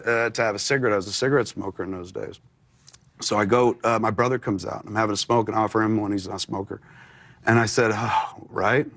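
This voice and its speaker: A man's voice: on the low side, fairly bright tone. A man in his forties, an interview guest, telling a personal story candidly with many fillers.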